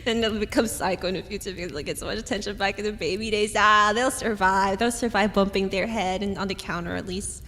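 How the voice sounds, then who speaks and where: A woman's voice: mid-range voice, steady tone, fast, few pauses, a bit bright, long reverb tail, soft background music. A woman streamer chatting casually and rambling, giggling and laughing often as she reads comments. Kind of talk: casual chat reading chat comments.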